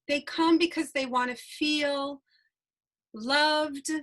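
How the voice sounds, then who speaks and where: A high, bright-voiced woman hosts a casual interview over a video call. She talks in a chatty, effusive way and laughs easily. Her voice comes through a home video-call setup. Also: steady tone, slow pace, low-quality recording. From New York. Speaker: host.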